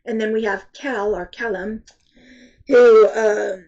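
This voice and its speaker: A woman reviewing books in a casual, rambling chat, halting often and sounding congested from allergies. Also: medium pitch, fairly even intonation, darkish tone, highs cut off. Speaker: book reviewer.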